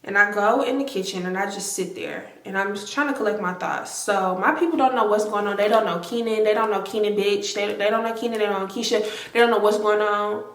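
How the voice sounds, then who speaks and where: A woman in her twenties telling a story to her viewers, animated and emphatic, with lots of swearing. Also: mid-range voice, a little fast, few pauses. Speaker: vlogger. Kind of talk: casual storytime. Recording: roomy echo.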